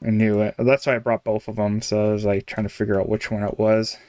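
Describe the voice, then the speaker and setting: Fairly low-pitched and a little mellow, this young streamer talks fast with a flat delivery in a dry recording. He chats casually while playing, rambling, chuckling a lot, and leaving thoughts unfinished.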